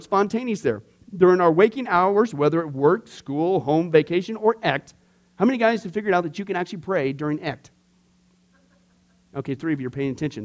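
High voiced pastor guy teaching a church class, rambles with asides, talky and animated.

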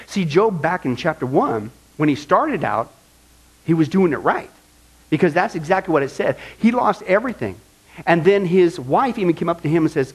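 A man delivers an animated sermon as pastor and acts out the whining voices of the people he quotes. His voice sits high for a man, and he keeps asking his listeners pointed rhetorical questions. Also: normal speed, slightly rough, rough recording.

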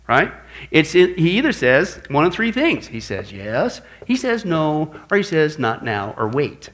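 A man preaching an apologetics lesson in an animated way, dropping low for stories and rising loud for quoted voices. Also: a little slow. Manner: animated, shifts between loud quoted outbursts and low hushed storytelling. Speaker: pastor teaching apologetics. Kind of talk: sermon-style teaching.

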